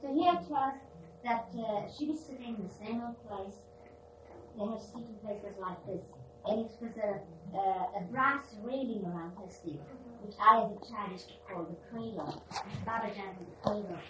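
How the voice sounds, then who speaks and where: A woman from India, gently recounting spiritual memories with pauses and restarts. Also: medium pitch. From India (Pune). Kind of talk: reflective spiritual talk. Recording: echoey room, distant mic, background noise.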